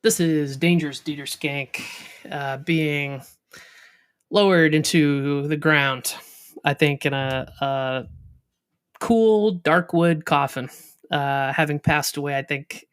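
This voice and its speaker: Smooth-voiced player hedging through a scene. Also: medium pitch. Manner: tentative, hedging narration. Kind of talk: narrating a tabletop role-play scene.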